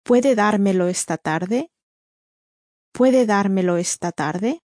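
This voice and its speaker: A woman saying model phrases for a language course, each said twice in a measured way. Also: medium pitch, darkish tone, dry recording, studio quality. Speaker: native-speaker voice for language drills. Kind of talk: slow model pronunciation in drills.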